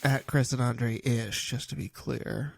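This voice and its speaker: A man's voice: medium pitch, fairly even intonation, measured pace, vocal fry, dry recording. A man co-hosting a podcast, talking casually and dropping teasing quips. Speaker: podcast co-host. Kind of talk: casual chat.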